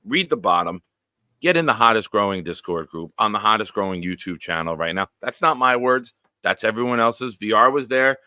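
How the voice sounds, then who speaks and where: A man hosting a live-streamed sports chat show, excitable, giving viewers shout-outs by name and bursting into sing-song chants. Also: on the low side, a little fast, no echo, studio quality.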